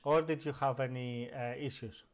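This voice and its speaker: A man hosting a live stream, casually talking viewers through a software update and greeting chat as he works, with frequent pauses and fillers. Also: mid-range voice, fairly even intonation. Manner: hesitant, many fillers and restarts while operating the computer.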